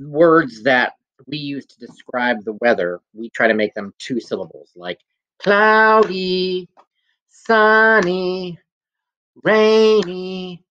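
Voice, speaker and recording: A man teaches a kindergarten music class on video, talking in an unhurried, gentle way and singing short welcome songs. His delivery is patient and encouraging. The recording sounds a little dull and lo-fi. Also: fairly low pitch. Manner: gentle and encouraging, slow, sings children's songs. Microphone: phone.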